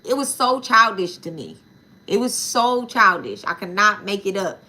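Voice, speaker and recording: Woman w/ aave storytelling casually, bright sharp voice, swears a lot, keeps saying y'all. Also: mid-range voice, moderate pace. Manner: animated, profane, addresses listeners as y'all. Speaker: spiritual channel host.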